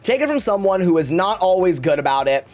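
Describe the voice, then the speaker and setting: A man's voice: high-pitched, very animated, fairly quick, a little mellow. A man streaming live, chatting casually in a campy, theatrical way and swearing freely.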